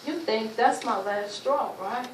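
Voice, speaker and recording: A woman giving an emotional personal testimony at a luncheon, telling her story in animated, informal speech and acting out what people said. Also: fairly high pitch, a little slow, slight background noise. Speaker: speaker sharing a personal testimony. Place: luncheon event room. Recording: roomy, distant mic, faint ambience.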